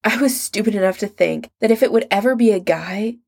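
A woman reading aloud, voicing a volatile young man who shouts and hisses in jealous anger. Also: mid-range voice, a little fast, gravelly. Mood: hurt.

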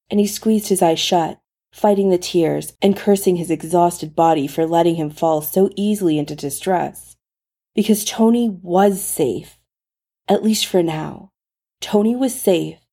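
Slow, gravelly woman story narrator. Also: lowish voice, mellow. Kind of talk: reading fan fiction aloud.

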